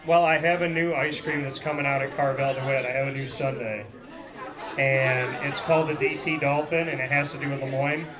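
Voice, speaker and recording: A man hosting a casual live interview in a restaurant, teasing and telling animated stories. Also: mid-range voice, fairly quick. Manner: playful, teasing, animated storytelling. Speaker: host. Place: busy restaurant. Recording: noisy restaurant crowd. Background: crowd chatter.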